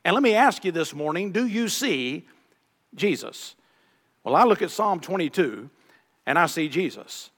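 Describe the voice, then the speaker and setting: High-voiced preacher in an echoing hall. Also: male voice, expressive, unhurried, a bit bright. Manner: preaching, reciting scripture in old-fashioned wording, drawing out key words. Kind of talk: sermon. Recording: long reverb of a large hall.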